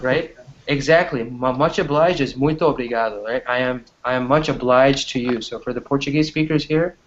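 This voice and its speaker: A man's voice: medium pitch, brisk, a little hiss or hum. A man teaching an online English class, chatty and always checking in with "right?". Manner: chatty, keeps asking "right?". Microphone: video call. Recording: dull lo-fi video-call audio.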